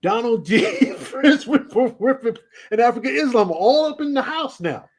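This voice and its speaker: A man's voice: extremely high pitch, moderate pace. A man who hosts a radio show, telling casual stories in an interview with lots of laughs and swearing. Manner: animated, laughing, swearing storyteller. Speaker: radio host being interviewed.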